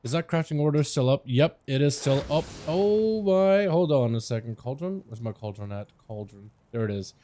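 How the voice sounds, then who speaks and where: A tired male game streamer chatting casually with his viewers, laughing often and breaking into excited outbursts. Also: mid-range voice, moderate pace, few pauses, slight background noise. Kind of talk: casual livestream chat.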